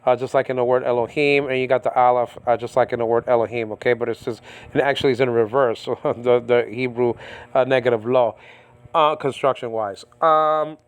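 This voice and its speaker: A man teaching a casual verse-by-verse lesson on biblical Greek and Hebrew, halting often with fillers and checking in with "okay?". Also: mid-range voice, fairly even intonation, clear, resonant tone, no echo. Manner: halting, many fillers and repeated okays. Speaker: Bible teacher. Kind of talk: informal verse-by-verse language lesson.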